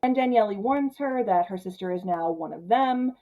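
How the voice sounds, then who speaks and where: A woman hosting a casual film recap, chatty and full of filler words, who acts out the characters' lines in quick paraphrase. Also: mid-range voice, expressive, phone-quality sound, soft background music. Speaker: film channel host.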